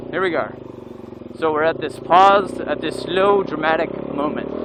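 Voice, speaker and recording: Animated man telling a story on a trail. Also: medium pitch, gravelly, very noisy. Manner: animated, whoops and yells while riding. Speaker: motovlogger. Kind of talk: storytelling while riding. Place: outdoors on an off-road motorcycle trail.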